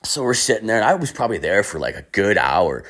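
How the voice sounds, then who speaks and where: Low-voiced, foul-mouthed Canadian storyteller. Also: male voice, sing-song, quick pace, a bit bright. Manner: profane and rambling, heavy filler words. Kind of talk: casual anecdote telling.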